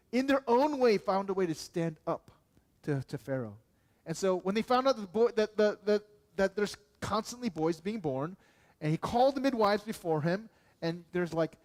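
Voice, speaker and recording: A man's voice: fairly high pitch, darkish tone. A man preaching a sermon as pastor in a conversational way, often asking the congregation questions and checking in with "okay". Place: church.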